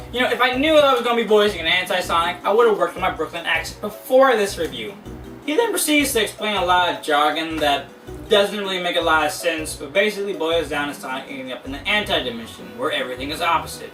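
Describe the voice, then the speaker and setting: A man's voice: high voice, animated, quick pace, bright, forceful tone, roomy sound, recorded from a distance, faint music behind, rough recording. Sarcastic man reviewing comics. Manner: sarcastic, mocking asides. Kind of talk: comedic review narration.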